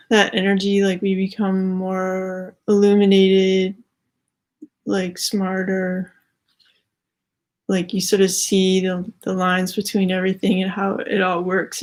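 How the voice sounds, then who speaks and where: This tarot card reader is a young adult woman whose mid-range voice carries a darkish tone. She rambles through a casual spiritual reading, leaning heavily on "like," and seems slightly winded.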